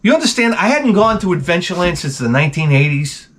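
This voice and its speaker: A man's voice: high voice, very animated, fast, a bit bright. A man in his forties, the channel host, telling a profane, rambling comedic rant.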